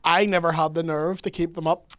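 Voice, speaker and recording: Male podcast co-host, light high voice, wry comic chat. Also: flat delivery, brisk, fairly bright tone, no echo, clean studio sound. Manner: wry, joking. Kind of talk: casual banter.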